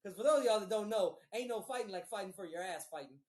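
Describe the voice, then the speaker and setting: A man telling a long personal story on a podcast in a casual, profane, animated way, often laughing. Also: high voice, fast talker, few pauses. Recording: roomy echo.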